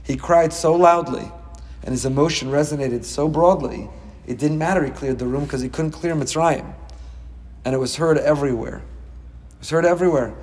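A middle-aged man teaching a Torah class as a rabbi, dramatic and animated, with quick humorous asides. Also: on the high side, big-room sound.

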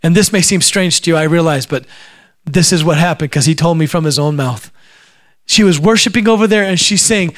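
High-voiced male preacher telling stories. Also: fairly quick. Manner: acts out quoted voices while telling stories. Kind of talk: sermon storytelling.

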